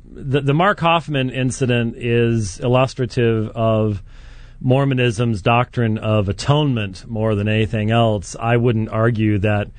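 Male call-in host, halting delivery full of restarts, dry close studio sound. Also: mid-range voice, fairly even intonation, no room sound. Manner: halting, many restarts and fillers, chuckles often. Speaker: radio show host. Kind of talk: call-in radio talk.

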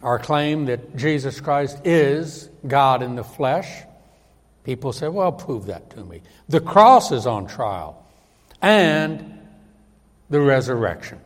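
A man's voice: mid-range voice, expressive, slow, in a large hall. A man preaching a sermon with emphasis, often acting out the voices of the people he quotes.

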